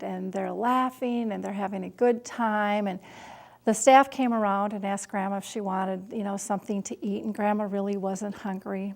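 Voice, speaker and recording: A middle-aged woman tells a personal caregiving story at an unhurried, deliberate pace. Her voice sits at an ordinary middle pitch. Now and then she drops to a near-whisper. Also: vocal fry. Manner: slow and deliberate, at times dropping to a hush.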